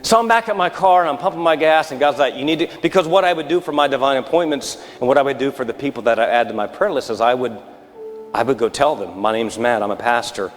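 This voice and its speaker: Speaking fast at a medium pitch, a pastor in his thirties tells a sermon story in the church sanctuary, performing the dialogue himself. His delivery shifts between excited and hushed, dropping to a quiet close, heard through a reverberant live stream with faint music.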